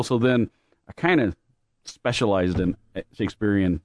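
A man's voice: lowish voice, normal speed, no echo. Chatty man with a very dry close mic. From born in Louisiana, raised mostly in Oklahoma. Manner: laughs often, rambling with many fillers. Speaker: guest with radio and theater background. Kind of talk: casual chat.

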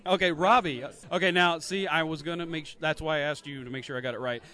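A man interviewing guests at a convention for a podcast, jokey and energetic. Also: on the high side, fast.

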